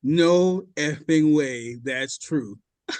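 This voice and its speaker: A man in his thirties, a podcast co-host, telling animated stories in casual chat and acting out the voices of people he quotes. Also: on the high side, takes it slowly, clean tone, dry recording. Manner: animated storyteller who acts out quoted voices.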